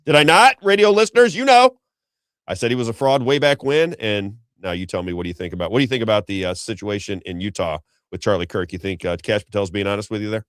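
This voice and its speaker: Man, middle-aged, low voice, fast, dry close mic, rambling emphatic political commentary host. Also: clear, resonant tone, no room sound. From Missouri, USA. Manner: rambling, emphatic, repeats himself, addresses co-host.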